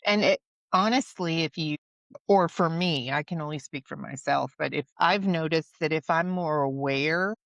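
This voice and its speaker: A woman hosting a podcast interview, asking questions softly and in a measured way. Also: low voice, vocal fry, dry recording, lo-fi sound. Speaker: podcast host.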